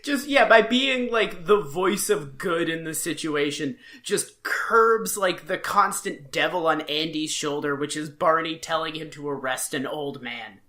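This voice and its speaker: A woman's voice: sits low, a little slow, hardly any pauses, a bit bright. A woman co-hosting a podcast, joking sarcastically about a TV episode and acting out lines. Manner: sarcastic, jokey, acts out characters' lines. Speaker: podcast co-host. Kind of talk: casual chat recapping a TV episode.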